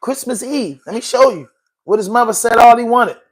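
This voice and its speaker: This is a podcast host, a man with a very high-pitched voice who speaks a little fast. His casual commentary monologue is emotional and full of slang, with lots of repetition and frequent use of "bro."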